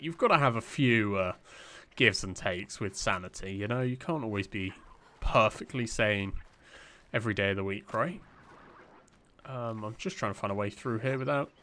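A man's voice: mid-range voice, sharp tone. A young man giving casual let's-play commentary, rambling and joking at himself with plenty of fillers. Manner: rambling, self-deprecating, lots of fillers. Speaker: gameplay commentator.

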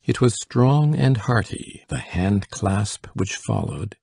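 Male audiobook narrator, husky, low-pitched, mellow timbre. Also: lively intonation, slow, few pauses, dry recording, studio quality. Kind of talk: scripted narration.

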